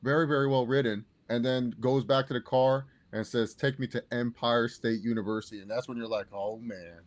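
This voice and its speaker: A man's voice: medium pitch, fairly even intonation, brisk, no echo. Enthusiastic man, dry close sound. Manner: enthusiastic, chimes in with quotes. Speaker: podcast co-host. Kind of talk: casual movie review chat.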